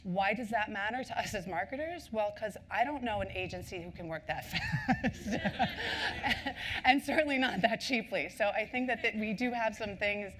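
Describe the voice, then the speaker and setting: A woman's voice: medium pitch, very animated, normal speed, fairly bright tone. A woman speaking at a marketing conference. She tells stories in a chatty way, with lots of ums and asides. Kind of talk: conference talk.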